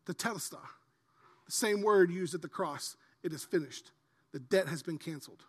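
A man, a pastor preaching a sermon in a large church, dropping to quiet earnest asides and rising to loud impassioned peaks. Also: high voice, moderate pace, long pauses, in a large hall.

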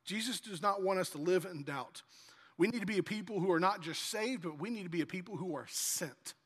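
A man preaching a sermon as pastor, animated and acting out dialogue in lively asides, in a church hall. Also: high-pitched, fairly quick, breathy edge.

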